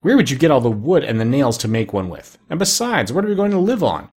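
A man's voice: mid-range voice, big pitch swings, quick pace, a little mellow, husky. A man doing a bossy, scolding duck. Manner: scolding, practical. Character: bossy sensible female duck housekeeper.

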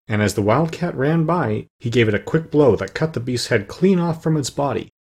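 A man reads a storybook aloud in a steady, plain narrating voice, with a small slip now and then. His tone is husky and sits at an ordinary male pitch. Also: normal speed. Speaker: audiobook narrator.

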